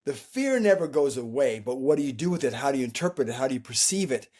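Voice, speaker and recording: A man's voice: medium pitch, big pitch swings, quick pace, a little mellow. A man speaking as an interview guest, telling reflective stories and acting out the voices he quotes, with frequent restarts. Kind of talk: reflective conversational storytelling.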